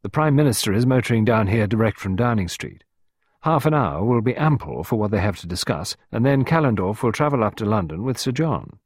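A man's voice: on the low side, animated, brisk, husky, dry recording, studio quality. A man doing a pompous, secretive official. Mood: self-important. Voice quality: grave, solemn, self-important.

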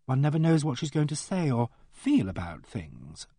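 A man's voice: medium pitch, huge pitch swings, normal speed, vocal fry, mellow, no echo, clean studio sound, full character voice. A male reader voicing a kindly young woman who chatters earnestly and fusses over others. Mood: doubtful.

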